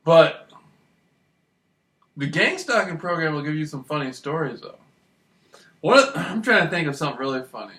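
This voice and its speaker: A man's voice: fairly high pitch, animated, normal speed, long pauses, pushed and bright. A man telling rambling, profane stories in a casual monologue, often laughing as he talks. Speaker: vlogger. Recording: echoey room, voice far from mic.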